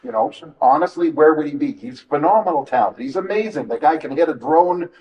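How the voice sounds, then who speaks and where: A man's voice: a little high, expressive, a little fast, far from the mic, lo-fi sound. A man hosting an interview, speaking in a conversational, blunt and encouraging way. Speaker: interview host. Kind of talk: casual interview chat.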